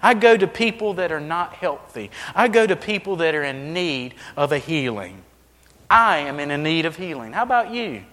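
A man preaching a sermon as pastor, swinging between hushed, intimate lines and loud, emphatic ones. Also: a little high, big pitch swings, normal speed, in a large hall. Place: church sanctuary.

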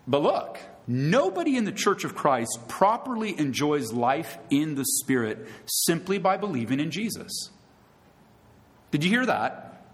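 A man's voice: sits high, a bit bright. A man preaching a sermon as pastor, earnest and emphatic, asking his listeners rhetorical questions.

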